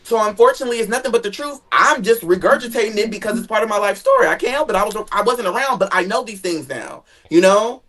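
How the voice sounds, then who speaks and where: A guest chatting casually about family drama, animated, jumping into high dramatic tones and swearing freely. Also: quick pace, hardly any pauses. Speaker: guest sharing family stories. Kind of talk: casual gossip chat.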